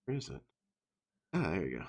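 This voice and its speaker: A man's voice: sits low, huge pitch swings, a little fast, vocal fry, slight background noise. A man chatting casually as a guest, rambling and self-deprecating with lots of fillers. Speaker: podcast guest, mod maker. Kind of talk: casual chat.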